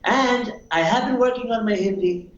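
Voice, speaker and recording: A man impersonating a boastful older male politician, speaking emphatically, slowly, and with repetition. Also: very high-pitched, reverberant, highs cut off, pitched above the performer's own voice.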